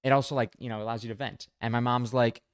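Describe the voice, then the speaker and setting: A man's voice: mid-range voice, fairly even intonation, fast talker, smooth, dry recording, studio quality. A man co-hosting a podcast, chatting casually and laying out emphatic, jokey theories. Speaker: podcast co-host. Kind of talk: casual chat.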